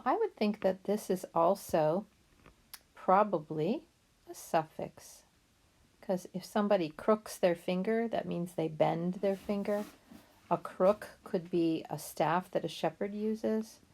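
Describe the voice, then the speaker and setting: A woman's voice: on the low side, gravelly, dark tone. A woman teaching a phonics lesson, spelling out letters and sounding words syllable by syllable while praising and checking in with a young learner. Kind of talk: slow, careful phonics lesson.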